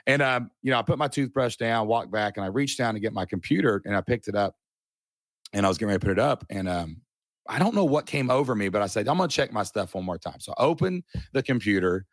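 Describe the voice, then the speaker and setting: A middle-aged man telling a personal story in a casual chat, animated and earnest, with a folksy way of talking. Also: on the low side, fast, no room sound, clean studio sound. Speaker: podcast guest.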